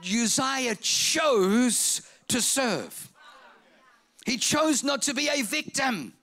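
High, bright-voiced animated male preacher. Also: extremely slow. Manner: animated and comic, with repeated phrases and acted-out voices. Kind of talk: sermon.

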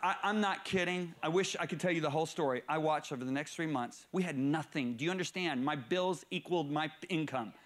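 A middle-aged male preacher telling stories in a sermon, swinging between low murmurs and raised, excited bursts. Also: brisk, hardly any pauses. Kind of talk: storytelling sermon.

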